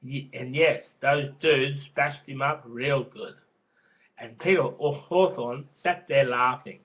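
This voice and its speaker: A man's voice: mid-range voice, slow. A man telling a crude, rambling story in casual spoken style, with swearing and restarts. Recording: dull lo-fi recording.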